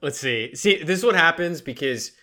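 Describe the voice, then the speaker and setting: A man's voice: fairly high pitch, expressive, normal speed, sharp tone. A man co-hosting a podcast in casual chat, joking and laughing often. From Irish heritage. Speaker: podcast co-host.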